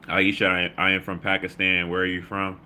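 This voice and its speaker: Low, bright-voiced man. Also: completely flat delivery, a little fast, slight background noise. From Baltimore. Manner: loose, slangy, reads chat comments aloud with shout-outs. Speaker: livestream host. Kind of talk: casual livestream chat.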